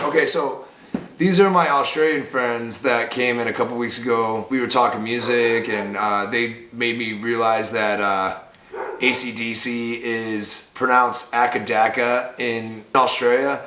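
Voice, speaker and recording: An excitable, chatty man opens mail sent in by viewers, talking casually in a mid-pitched voice and now and then breaking into loud excited cries. His voice bounces around an echoey room, with a faint hiss underneath. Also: unhurried. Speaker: bar owner and vlogger. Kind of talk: casual mail-opening vlog.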